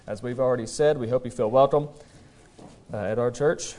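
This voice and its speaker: A man preaching a sermon as pastor in a church service, in a folksy, conversational way with frequent "uh" pauses. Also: mid-range voice, mellow. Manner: tells a joke story then presses the point earnestly.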